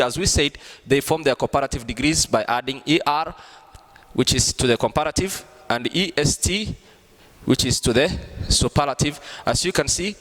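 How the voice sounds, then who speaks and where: A man's voice: medium pitch, fairly bright tone. A man teaching an online English lesson, explaining patiently step by step and often restarting his sentences. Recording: long reverb from a hard room.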